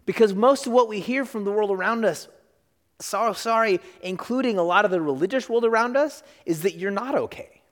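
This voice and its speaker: Fairly quick and high-pitched, a middle-aged man tells a sermon story at a church service, acting out those he quotes with animation. The recording carries a large hall's long reverb.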